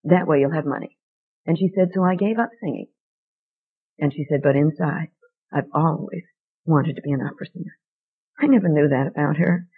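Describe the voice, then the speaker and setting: A woman's voice: deep voice, normal speed, pauses often, husky. An older woman telling a personal story to an audience, earnestly acting out the quoted dialogue. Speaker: speaker. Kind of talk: storytelling talk. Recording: narrow tinny phone-like sound.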